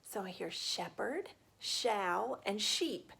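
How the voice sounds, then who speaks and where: Slow, gentle woman teaching young children. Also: mid-range voice, creaky, slightly rough. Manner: slow, gentle, patient, with drawn-out sounds and questions to children. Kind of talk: recorded reading lesson for young children.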